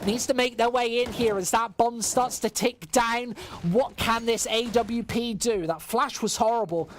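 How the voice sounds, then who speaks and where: Excitable esports caster. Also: mid-range voice, measured pace, slight background noise. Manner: bursts of excitement over big plays, joking with chat. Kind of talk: live play-by-play commentary.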